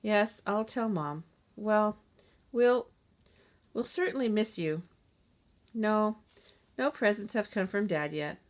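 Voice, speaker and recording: A woman's voice: mid-range voice, slow pace, pauses often, close to an everyday voice. A woman reading as a bossy, scornful teen girl. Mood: polite phone. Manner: curt, scornful. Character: bossy dismissive older sister Jill, teen girl.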